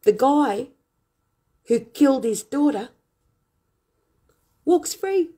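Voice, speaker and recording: A woman's voice: high-pitched, lively intonation, slow, long pauses, mellow. A woman hosting her own online show, ranting furiously and scornfully at her viewers with insults and rhetorical questions. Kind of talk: angry ranting livestream monologue.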